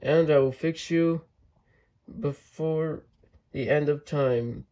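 Storybook: man playing eager young tank engine, unhurried, warm tone. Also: a little high. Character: cheerful helpful young male tank engine. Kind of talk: storybook read-aloud.

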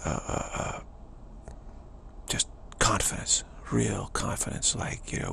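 A man giving a rambling, animated spiritual talk, slipping into different characters' voices as he goes. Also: fairly low pitch, slow, gravelly, pauses often, a little hiss or hum. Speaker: spiritual teacher.

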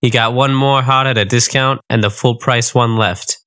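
A man's voice: medium pitch, steady tone, normal speed, fairly bright tone, lightly acted. A man voicing a pushy male phone operator for hired killers, with a Brooklyn accent and a salesy, brash manner.

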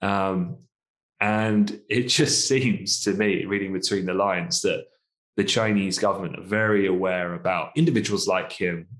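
Low-voiced man, chatty. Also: measured pace. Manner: relaxed, chatty, laughs easily, asks tag questions. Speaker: co-host, markets commentator. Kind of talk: casual podcast discussion.

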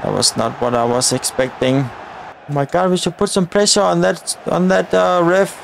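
A man giving excited live commentary on his own football video game career mode, often exclaiming at chances and shouting at the players. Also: sits high, normal speed, creaky, a little hiss or hum. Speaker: gaming YouTuber.

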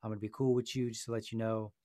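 A man doing a mellow, courteous male police officer, speaking low and quietly in an easy, unhurried way. The voice is dry and close, with no room sound. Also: dry recording, lightly acted. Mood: laid-back. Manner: relaxed, friendly, low-key.

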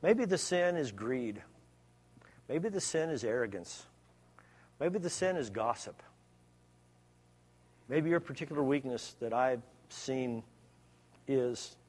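A man delivering a church sermon at an ordinary mid-range pitch. He talks to the congregation in a plain, conversational way. At times he turns emphatic and loud. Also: lively intonation, measured pace, long pauses. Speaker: preacher.

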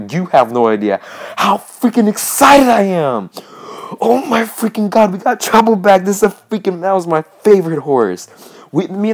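A woman giving let's-play commentary, excitable and casually swearing, with lots of repeated phrases. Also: sits low. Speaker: gaming channel host.

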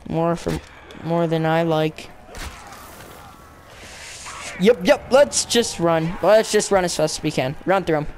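A young channel host giving playful, excitable commentary over a zombie game. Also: mid-range voice, moderate pace, slight background noise. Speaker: gameplay commentator.

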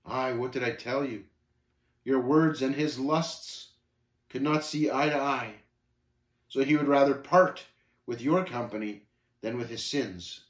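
Man playing a grave pilgrim, sober, measured, knowing, roomy room sound. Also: mid-range voice, natural voice. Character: grave, wise older male Christian companion.

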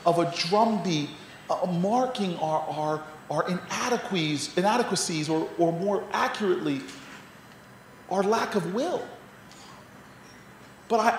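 A man giving an inspirational gala speech from a podium, stumbling over repeated words and building to rousing refrains. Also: sits high. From United States. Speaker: mayor, gala speaker. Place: large banquet hall. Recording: echoey hall, faint noise.

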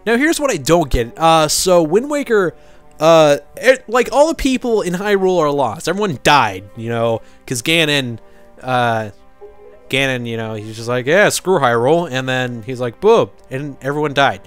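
A man's voice: fairly high pitch, animated, moderate pace, a bit bright, smooth, soft background music. A man commentating a game playthrough in a joking, sarcastic way, swearing freely. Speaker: let's player.

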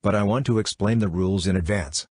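A male audiobook reader voicing a cool, scheming male demon lord who speaks in a calm, measured, matter-of-fact way. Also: lowish voice, slightly rough, dry recording, studio quality. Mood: composed. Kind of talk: audiobook character reading.

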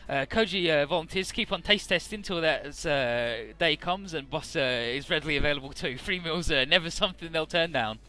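A man's voice: a little high, a little fast, hardly any pauses, sharp tone, soft background music. A man casually recapping a game's story, chatty, with many filler words and the odd swear. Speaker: let's play narrator.

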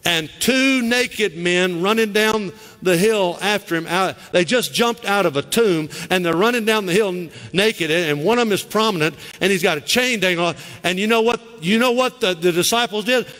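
A middle-aged Southern pastor preaches with real animation, his fairly high voice leaping up when he acts out quoted lines. The sound rings with the long reverb of a church sanctuary. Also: moderate pace, hardly any pauses, fairly bright tone. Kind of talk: sermon.

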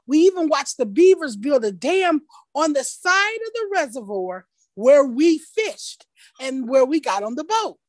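A woman tells a personal story at a story slam over a video call, slow and expressive with a folksy touch. Her voice sits high and swings widely in pitch. The sound is dry and close. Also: dry recording.

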